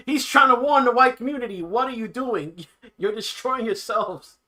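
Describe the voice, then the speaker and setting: A man hosts a livestream and reacts to news clips with sarcastic commentary. His voice sits high and sounds very bright, with frequent laughter that keeps his tone mocking. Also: expressive, moderate pace. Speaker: livestream host.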